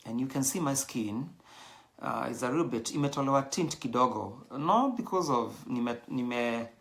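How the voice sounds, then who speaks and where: A man's voice: medium pitch, animated, moderate pace, gravelly, fairly bright tone. A middle-aged Kenyan man hosting his show, talking in a casual, rambling monologue with Swahili phrases mixed in. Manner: chatty, digressive, mixes in Swahili phrases. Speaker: show host.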